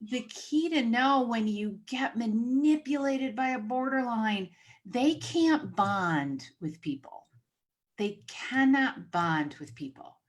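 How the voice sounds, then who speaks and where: A woman's voice: on the high side, lively intonation, slow. A woman hosting a podcast, telling stories in a casual chat and acting out the dialogue she quotes. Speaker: podcast host.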